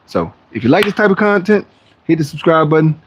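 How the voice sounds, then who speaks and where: A man's voice: fairly high pitch, very animated, a little fast, a little hiss or hum. A man hosting a fitness livestream, chatting casually with viewers in loose, slangy talk that rambles and restarts. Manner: rambling and chatty, often acting out other people's voices. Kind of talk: casual live-stream chat to viewers.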